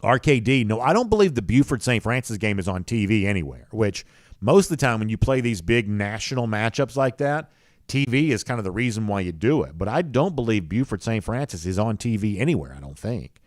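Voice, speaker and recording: A man's voice: lowish voice, very animated, brisk, no echo, studio quality. A man hosts a live show, reading viewer comments in an easygoing, rambling way with many fillers. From rural US South. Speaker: podcast host.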